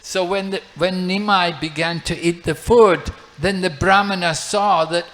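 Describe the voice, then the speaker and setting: A man, a monk, narrating a devotional story in a sermon, unhurried and repetitive. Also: sits high, steady tone, a bit bright, low-quality recording. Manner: unhurried, repeats phrases while narrating. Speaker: monk and lecturer.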